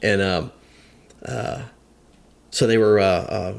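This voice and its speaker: Man, 50s, firefighter guest, very low voice, halting, lots of fillers, self-deprecating storytelling. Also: steady tone, creaky. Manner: halting, many fillers and restarts. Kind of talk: casual storytelling interview.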